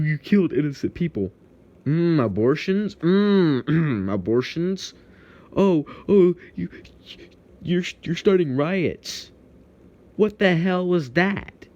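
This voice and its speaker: A man's voice: mid-range voice, a little mellow, muffled recording. A young man from Texas with a Texan accent, ranting heatedly to camera in a profane, confrontational vlog monologue.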